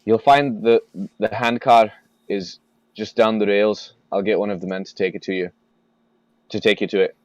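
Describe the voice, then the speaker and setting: A man voicing a gruff old male railroad boss with a coarse, bellowing manner. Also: fairly low pitch, steady tone, normal speed, long pauses, no echo, close to an everyday voice. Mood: businesslike.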